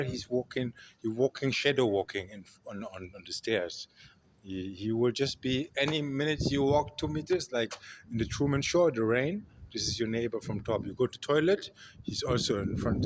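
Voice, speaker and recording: A man with a German accent, talking through a rambling podcast monologue and swinging between loud emphasis and quiet asides. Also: medium pitch, background noise. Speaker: podcast host. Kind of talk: casual monologue.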